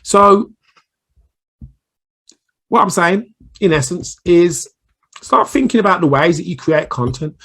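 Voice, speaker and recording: A man's voice: medium pitch, a bit bright, husky. A man with a Brummie accent giving a casual solo video training on marketing, chatty and rambling with self-deprecating asides. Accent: Birmingham English (Brummie). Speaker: small business marketing coach. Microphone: recording himself on camera.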